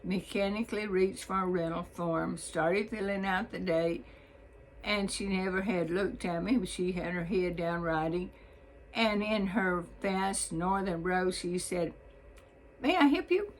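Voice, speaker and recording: A woman from Mississippi with a Southern accent telling a personal story in a slow, deliberate drawl. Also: lowish voice, fairly even intonation, slight background noise, rough recording.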